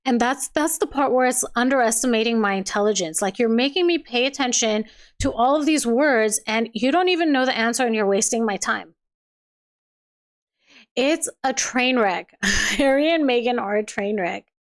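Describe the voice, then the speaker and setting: High-voiced woman chatting on a livestream. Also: moderate pace. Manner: chatty, laughs often, trails off and restarts. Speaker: livestream host reading viewer comments. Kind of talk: casual chat.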